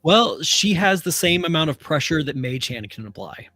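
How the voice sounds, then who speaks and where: A man's voice: on the high side, very animated, normal speed, bright, forceful tone, dry recording. A man playing in a tabletop game, speaking hesitantly. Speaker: player.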